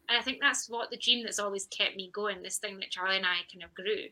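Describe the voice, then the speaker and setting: A woman's voice: mid-range voice, normal speed, sharp tone, poor audio. A woman athlete in her thirties recounting her story in a podcast interview, candid and reflective, quoting her own thoughts and laughing. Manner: candid and reflective, with frequent laughs and quoted self-talk. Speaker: athlete guest.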